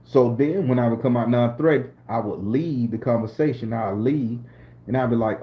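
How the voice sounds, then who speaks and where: A man's voice: mid-range voice, brisk, dark tone. A middle-aged man from southern Florida with a Southern US accent, telling a story to camera in a slangy, profane, streetwise way. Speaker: channel host storyteller.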